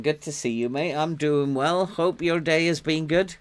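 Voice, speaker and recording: A man's voice: a little high, normal speed, smooth. An older Welsh man giving casual gameplay commentary on his stream, chatting away, coaxing and scolding his virtual players and often chuckling. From Wales. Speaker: game streamer.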